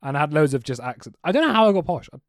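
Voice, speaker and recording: A young man with a posh English accent co-hosting a podcast, talking quickly and laughing, sometimes tripping over his words. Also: fairly high pitch, big pitch swings, no room sound, studio quality. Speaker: podcast co-host. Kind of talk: casual chat.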